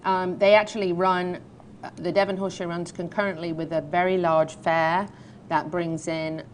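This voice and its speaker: A woman's voice: on the low side, flat delivery, normal speed, a little hiss or hum. An English woman hosting a talk show from a studio, chatting playfully and reading news, laughing easily. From England. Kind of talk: casual chat and news reading.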